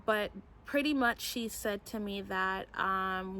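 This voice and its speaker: A young adult woman, a mom vlogger, telling a personal story in a candid, animated storytime vlog. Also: medium pitch, takes it slowly, slight background noise.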